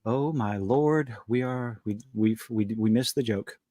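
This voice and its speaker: A male stream host who rattles along fast and excitable, cursing freely as he rambles. His voice sits at a middling pitch. The sound is dry and close. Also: no echo. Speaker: live stream podcast host. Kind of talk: casual chat.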